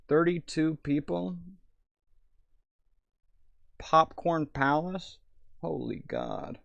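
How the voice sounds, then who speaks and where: Tipsy young male streamer, gravelly, loose and profane, reads chat aloud. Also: mid-range voice, normal speed, a little mellow, no echo, dull audio. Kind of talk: rambling live-stream chat.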